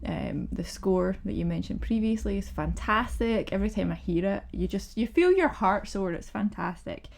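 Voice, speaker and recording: A woman's voice: medium pitch, normal speed, vocal fry, few pauses. Wry woman scientist. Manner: animated, wry, swears for effect. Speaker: podcast co-host, scientist. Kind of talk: casual film review chat.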